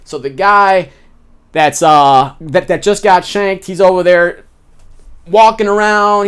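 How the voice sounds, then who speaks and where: Man, slangy, lively storyteller, fairly high voice. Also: slow pace, clear, resonant tone. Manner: street slang, animated retelling with repeated phrases. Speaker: former inmate telling stories. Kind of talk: casual storytelling.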